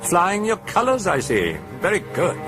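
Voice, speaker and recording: Man doing a raspy British demon, mocking. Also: high-pitched, huge pitch swings, unhurried, music in the background, pitched above the performer's own voice, full character voice. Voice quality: raspy, light. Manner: insolent, taunting.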